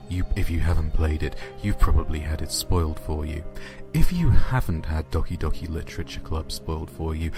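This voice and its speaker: A man narrating horror stories and chatting casually, with a dry, offhand delivery and some swearing. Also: rumbling low. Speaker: narrator and channel host. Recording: music playing underneath.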